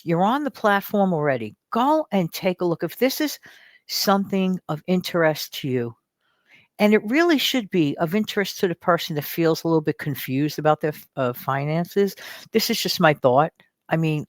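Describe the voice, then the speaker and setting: A woman's voice: fairly low pitch, dry recording. An older woman hosting a casual advice vlog, talking in a chatty, encouraging way and now and then acting out whiny voices. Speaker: host.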